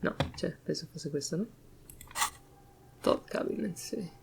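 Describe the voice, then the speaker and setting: A woman's voice: sits low, a little slow, creaky, background noise. A woman commenting on a video game and muttering amused asides. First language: Italian. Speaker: let's-play commentator. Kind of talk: game commentary, reading text aloud.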